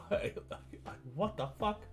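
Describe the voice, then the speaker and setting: A man's voice: takes it slowly, soft background music. A man reacting to news clips on a stream, scornful and crude, laughing and swearing. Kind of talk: profane reaction commentary.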